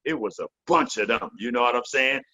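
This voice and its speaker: A man in his fifties, a veteran MC appearing as a guest in a casual interview, tells loose, profane stories and slips into the voices of the people he quotes. His mid-range voice is animated, bright, and forceful, with vocal fry and a slightly fast pace.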